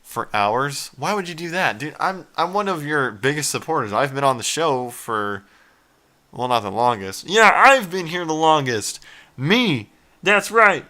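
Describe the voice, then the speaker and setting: A man's voice: fairly high pitch, expressive, a little slow, sharp tone. A man hosting a comedy podcast, bickering and trading sarcastic insults. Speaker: podcast host.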